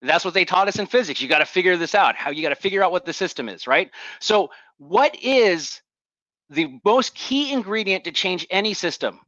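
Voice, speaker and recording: A man giving an energetic motivational talk to leaders, coaching the audience through exercises. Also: high voice, normal speed, dry recording, muffled recording. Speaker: leadership speaker.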